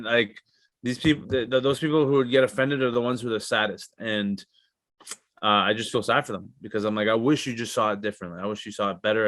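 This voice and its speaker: A man's voice: fairly low pitch, fairly bright tone, no room sound. A man from Canada, a comedian guest on a podcast, ranting in casual chat with heavy swearing. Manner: profane, ranting.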